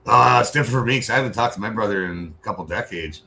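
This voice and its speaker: A man's voice: lowish voice, rapid-fire, vocal fry, crowd noise. A man chatting casually and bluntly, swearing often and getting worked up as he talks, at home. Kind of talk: casual profane chat.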